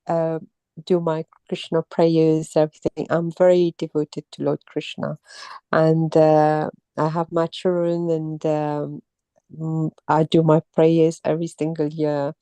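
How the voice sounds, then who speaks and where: A middle-aged woman from Mauritius, down with a cold and a sore throat, telling her story in a casual, halting way with many pauses and restarts. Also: sits low, level tone, warm tone, smooth, no room sound. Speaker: interviewee, temple visitor. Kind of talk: casual personal account.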